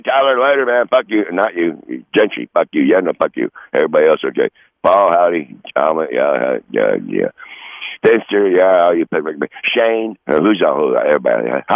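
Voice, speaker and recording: A man's voice: sits low, no room sound. An older man rambling and swearing nonstop while calling in to a podcast by phone, talking half to himself. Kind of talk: rambling profane phone monologue. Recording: dull lo-fi phone-like audio.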